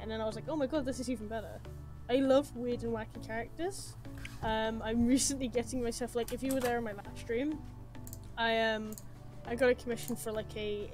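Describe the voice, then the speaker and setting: A young woman hosting a live drawing stream, chatting quietly and a bit apologetically as she works. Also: a little high. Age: young adult. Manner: quiet, soft-spoken, apologetic. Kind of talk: casual chat.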